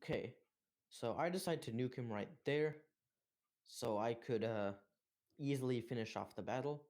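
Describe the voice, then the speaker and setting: Young male gamer, mid-pitched, casual commentary, filler-heavy. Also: normal speed, a little mellow. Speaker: gameplay commentator. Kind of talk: gameplay commentary.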